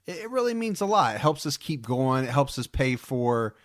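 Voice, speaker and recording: A man's voice: mid-range voice, very animated, normal speed, no echo, studio quality. A man co-hosting a podcast in casual chat, rambling and repeating words with enthusiasm. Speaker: podcast co-host.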